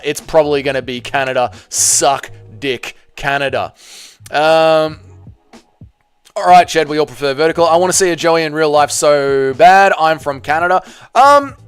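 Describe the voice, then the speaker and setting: Australian male streamer, smooth resonant voice, slightly high, crude bantering chat host. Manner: crude, bantering, reads chat aloud and answers. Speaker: livestream host. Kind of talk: casual livestream chat reading comments.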